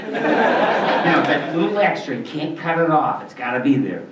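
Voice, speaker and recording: A man's voice: on the high side, sing-song, fairly quick, heavy background noise. Panel guest, man, 60s, rambling storyteller, heard from across a roomy hall. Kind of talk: convention panel Q&A. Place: convention panel room. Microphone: filmed from the audience. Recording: distant, roomy, muffled hall recording.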